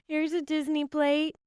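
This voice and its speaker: A woman's voice: high-pitched, no room sound, clean studio sound. A woman co-hosting a podcast, chatting casually and giggling at herself as she describes her baking. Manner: animated, giggly, self-deprecating. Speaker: podcast co-host, baker. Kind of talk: casual chat.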